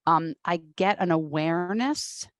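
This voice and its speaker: A woman's voice: lowish voice, unhurried, no echo. A woman hosting a casual interview, talking animatedly and laughing often. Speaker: host.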